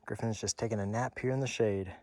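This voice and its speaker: A man's voice: on the low side, steady tone, fast, a little mellow. A man vlogging outdoors on a mountain hike, earnest and plain-spoken, tired and out of breath from the climb. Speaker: travel vlogger. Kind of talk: casual hiking vlog.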